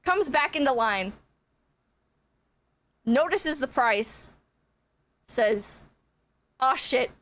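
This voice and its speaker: Young woman streamer, high voice, animated storytelling, swears a lot, laughs a bunch. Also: drawn-out words, long pauses. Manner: animated, swears freely, laughs through her telling.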